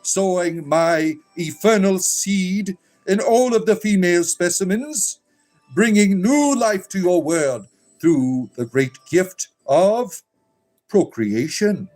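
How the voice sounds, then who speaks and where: A man voicing a grandiose male demon hand puppet in a comic bit, slow and pompous. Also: expressive, a little mellow, faint music behind. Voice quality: high, drawn-out, pompous.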